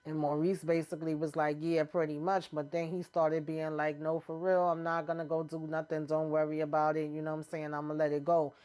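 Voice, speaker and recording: A woman with a low, smooth voice walks through a TV episode in a relaxed, chatty recap. She keeps slipping into the characters' lines as quoted dialogue, full of slang and asides. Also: brisk, hardly any pauses. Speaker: TV episode recapper, channel host.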